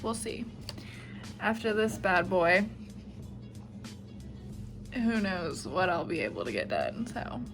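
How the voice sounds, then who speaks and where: A woman's voice: fairly low pitch, very animated, takes it slowly, long pauses. Chatty young woman vlogging with faint music. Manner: chatty, rambling, lots of "like" and "I don't know". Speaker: nursing student vlogger. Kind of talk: casual vlog chat.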